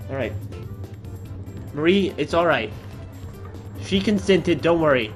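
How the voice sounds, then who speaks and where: Goofy high-voiced gaming streamer. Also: male voice, lively intonation, a little slow, soft background music. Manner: goofy, joking. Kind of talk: casual gameplay chatter.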